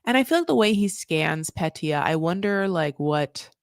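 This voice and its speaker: A woman hosting a casual recap show, talking in an animated, gossipy way with sudden jumps in pitch and loudness, dropping "honey" and "like" all the time. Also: moderate pace, dry recording, clean studio sound. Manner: says "honey" and "like" often. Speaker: podcast host recapping a reality show. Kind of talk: casual commentary.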